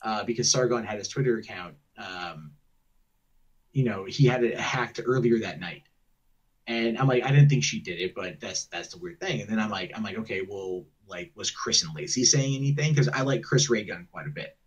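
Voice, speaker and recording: A man's voice: lowish voice, expressive, normal speed, slightly rough. A man telling a long story on a call in a rambling, profane way, often mimicking what others said. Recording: muffled distant secretly recorded call.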